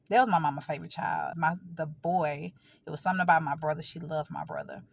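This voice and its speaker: A woman speaks straight to her viewers in a fairly low voice, telling a painful family story in casual, plain talk. She keeps pushing through as her voice catches, holding back tears. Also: expressive, fast talker, creaky. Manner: emotional, fighting back tears, informal and direct. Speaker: vlogger. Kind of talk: personal storytelling to camera.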